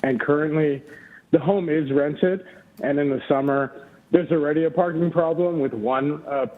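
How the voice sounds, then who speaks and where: A man speaking at a public hearing, slightly out of breath, earnest and halting with many fillers. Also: a little high, fairly even intonation. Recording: tinny phone line.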